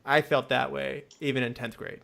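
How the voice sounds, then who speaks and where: A man's voice: mid-range voice, flat delivery, vocal fry, sharp tone, slight background noise. A young man hosting a movie podcast, opinionated and joking in casual roundtable chat. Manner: opinionated, joking, quick asides. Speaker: podcast host.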